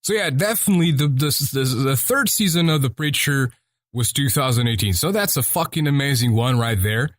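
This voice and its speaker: A man in casual podcast chat, rambling loosely and cursing often. His voice sits close and dry, with no room sound around it. He talks at an ordinary pitch. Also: lively intonation, fairly quick, dry recording. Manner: rambling and profane. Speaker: podcast host.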